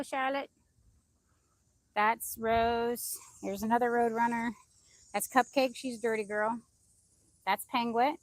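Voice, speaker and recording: A woman chatting casually on a phone live stream while walking through her backyard garden, rambling loosely and calling out high to her chickens. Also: dry recording. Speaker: vlogger. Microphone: phone held in hand.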